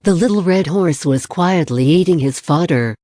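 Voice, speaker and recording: A calm audiobook narrator reading a novel in measured, steady storytelling. The voice is mellow and warm-toned. It sits close and dry, with no room sound. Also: mid-range voice, no room sound. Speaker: audiobook reader.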